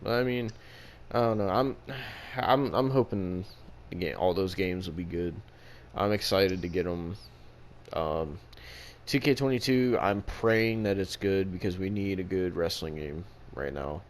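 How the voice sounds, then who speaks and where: A man's voice: low-pitched, unhurried, a little hiss or hum. A man co-hosting a casual podcast, telling a rambling story full of profanity. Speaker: podcast co-host.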